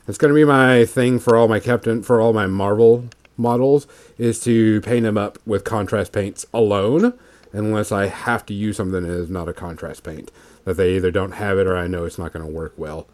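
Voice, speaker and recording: A man's voice: on the low side, moderate pace. A man co-hosting a casual podcast stream, talking loosely with many fillers while he paints miniatures. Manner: relaxed, rambling, many fillers. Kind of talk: casual livestream chat.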